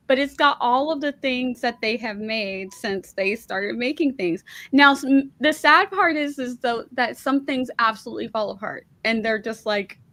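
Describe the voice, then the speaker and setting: A high-pitched woman hosts a relaxed online chat, talking freely and laughing as she goes. Her voice is caught close and dry over a video call, with no room sound. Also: no room sound. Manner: chatty, laughs often. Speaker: host. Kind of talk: casual chat.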